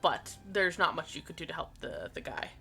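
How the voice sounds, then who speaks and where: A woman narrating as game master of a tabletop game, rambling with many fillers and quick apologies. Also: low-pitched, sing-song, creaky, bright, forceful tone, faint music behind.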